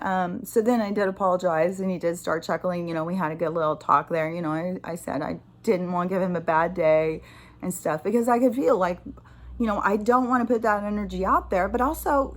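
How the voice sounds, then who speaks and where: An American woman talking casually to camera as a spiritual vlogger, swearing freely as she vents and reflects. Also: mid-range voice. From United States. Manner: profane, ranting and animated. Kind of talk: casual spoken monologue.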